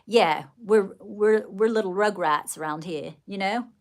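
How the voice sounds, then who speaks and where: A woman's voice: medium pitch, measured pace. Chatty Southern woman gushing at viewers. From Georgia, US. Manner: chatty, gushing, rambling, calls viewers darling. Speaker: livestream host. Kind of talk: casual livestream chat with viewers.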